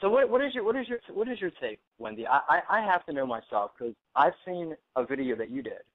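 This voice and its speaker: A man calling in to an internet radio show, talking in a halting way with many restarts and his pitch jumping when he gets flustered. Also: very animated, no room sound. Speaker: call-in guest. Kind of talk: casual chat over a phone line. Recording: tinny phone line, dry.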